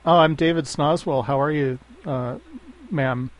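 A man's voice: a little high, steady tone, unhurried, no echo, lightly acted. A man voicing a rambling, overly polite American traveler with a put-on American accent, speaking on a prank phone call. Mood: apologetic. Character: bumbling apologetic male American traveler.

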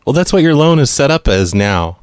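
A man hosting a prank call, stubbornly insisting on absurd terms with a deadpan manner. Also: mid-range voice, brisk, clear, resonant tone, dry recording, clean studio sound. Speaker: prank caller host.

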